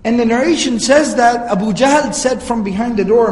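A man's voice: extremely high pitch, normal speed, darkish tone. A man giving a religious history lecture, telling the story earnestly and reciting Arabic passages. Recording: echoey hall reverb.

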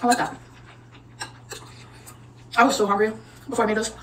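A woman's voice: on the high side, little pitch movement, normal speed, fairly bright tone, recorded from a distance. A woman rambling chattily to her viewers in a casual cooking and eating vlog. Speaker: vlogger. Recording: noisy audio from off-mic.

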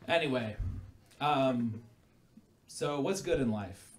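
A man doing a live stand-up set, deadpan with sudden loud bursts, telling dark jokes. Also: a little high. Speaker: stand-up comedian. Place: small hall before a live audience. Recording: live room with loud crowd laughter. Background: crowd laughter.

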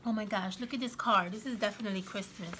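A woman casually showing off her thrift-shop finds on camera, gushing with excitement over each one. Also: medium pitch, quick pace, slight background noise. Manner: gushing, excitable, frequent gasps and exclamations. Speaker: craft vlogger. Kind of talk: casual show-and-tell vlog.

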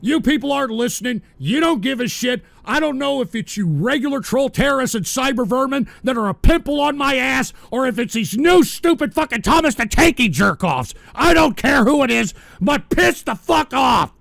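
A man hosting a radio show, ranting and swearing in exasperation and often shouting. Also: very high-pitched, expressive, moderate pace, gravelly, few pauses, no room sound. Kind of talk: angry on-air rant.

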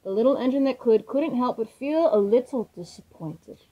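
A woman reading a children's storybook aloud in a gentle, expressive way. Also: a little high, moderate pace, highs cut off.

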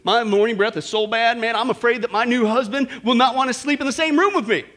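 A man's voice: very high-pitched, fast talker, a bit bright. Worried young bride, put on by a male preacher. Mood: anxious. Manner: anxious, insistent.

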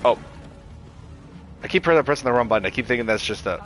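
A man's voice: mid-range voice, expressive, quick pace, fairly bright tone, soft background music. Chatty male gamer streaming live. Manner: chatty, reacts to chat, frequent restarts. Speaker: livestreamer. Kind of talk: casual gameplay livestream chat.

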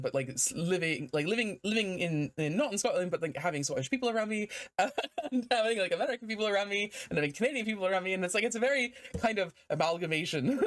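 Woman game streamer, casual and rambling, quick to laugh, lively intonation. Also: on the low side. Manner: rambling, self-deprecating, laughs often. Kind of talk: casual let's-play commentary.

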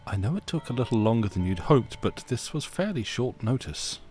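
A man's voice: mid-range voice, big pitch swings, fairly quick, darkish tone, soft background music, lightly acted. A man reading the lines of a secretive shopkeeper woman in his own plain voice. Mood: hushed. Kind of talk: reading game dialogue aloud.

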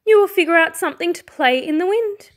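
A woman voicing a patient mother fox who speaks softly and encouragingly, in a picture-book read-aloud. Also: very high-pitched, expressive, fairly quick, voice pushed up. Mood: gentle. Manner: soft, encouraging.

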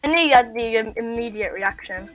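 A woman's voice: a little high, a little fast, a bit bright, soft background music, rough recording. A woman chatting casually while playing a building game, rambling, giggling and correcting herself as she goes. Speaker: gaming YouTuber. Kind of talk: casual gameplay chat. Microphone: webcam and headphones at a computer.

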